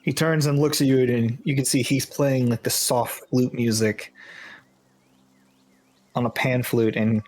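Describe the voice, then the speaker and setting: A man's voice: medium pitch, flat delivery, unhurried, long pauses, a little mellow, slight background noise. A man narrating a tabletop fantasy game as game master, describing scenes with frequent hesitations.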